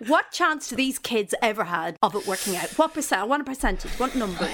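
Lively woman podcast host reading notes. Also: on the high side, a little fast, a little hiss or hum. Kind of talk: comedy podcast chat, reading notes aloud.

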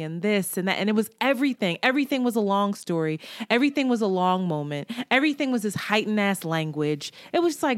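A woman co-hosting a podcast in casual chat, telling stories in an animated, profane way and acting out what others said. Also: fairly low pitch, normal speed, no echo, studio quality. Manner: animated, profane, storytelling with quoted voices. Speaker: podcast co-host.

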